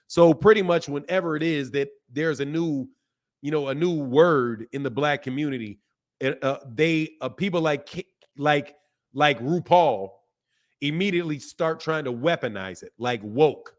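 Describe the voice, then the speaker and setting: A boxing channel host runs a live stream, chatting casually in an animated, talkative way and reading viewers' names out of the chat. His voice is fairly high-pitched at a normal speed.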